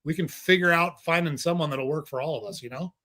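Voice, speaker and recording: A man in casual conversation, telling stories in a blunt, animated and profane way. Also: a little high, fast talker.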